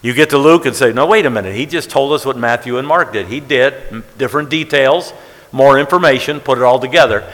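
A man teaches the Bible to a congregation in a plain, conversational way. His voice sits at an ordinary middle pitch. A long reverb from the hall trails after his words. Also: fairly bright tone. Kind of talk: sermon-style Bible teaching.

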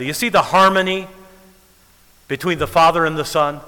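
High bright-voiced preacher in a hall. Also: male voice, clear, resonant tone. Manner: dramatic preaching with slow stressed words. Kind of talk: sermon.

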